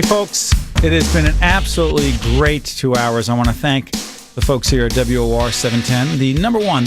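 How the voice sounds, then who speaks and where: A man hosting a call-in radio talk show, chatty and quick to laugh. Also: mid-range voice, gravelly. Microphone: studio microphone.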